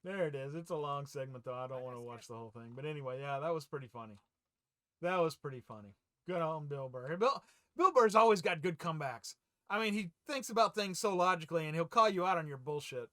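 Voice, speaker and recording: A man with a fairly high, bright voice, recorded dry and close. He hosts a loose read-through of fan news, rambling between headlines with fillers and small chuckles. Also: animated, fast, no room sound. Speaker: host of a fan news channel.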